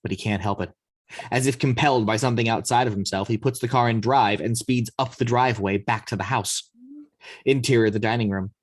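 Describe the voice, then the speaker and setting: A man narrating the action lines of a screenplay read-through in a steady storytelling manner. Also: mid-range voice, fairly quick, dry recording. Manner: steady storytelling, occasional slips. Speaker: narrator reading action description.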